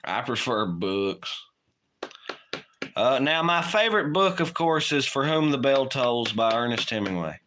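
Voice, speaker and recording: A man's voice: medium pitch, sing-song, a little slow, background noise. A man co-hosting a late-night livestream, chatting casually in a rambling, profane way and laughing often. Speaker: livestream co-host.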